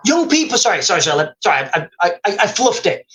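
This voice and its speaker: A man's voice: high-pitched, sing-song, fast talker, fairly bright tone, poor audio. A British man hosting a livestream, chatting through the news in a rambling, casual way and often saying "guys" and "like". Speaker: livestream host. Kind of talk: live-stream news commentary.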